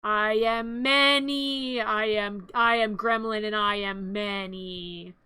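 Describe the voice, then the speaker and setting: A woman voicing a mischievous, menacing male gremlin in a comic film retelling, speaking slowly and boastfully, sometimes shouting. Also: medium pitch, steady tone, clean tone, pitched below the performer's own voice. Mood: menacing glee. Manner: slow, drawn-out villain boasting, shouting.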